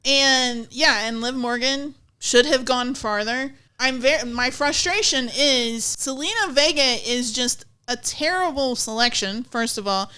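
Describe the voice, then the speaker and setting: Woman podcast co-host, high and bright, blunt exasperated rants. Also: measured pace, hardly any pauses, smooth. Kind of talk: casual wrestling chat.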